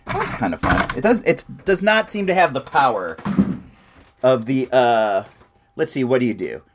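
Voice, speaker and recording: A man hosting a podcast, chatting casually and excitedly as he reviews a toy and makes playful sound effects. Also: medium pitch, moderate pace, background noise. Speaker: podcast host.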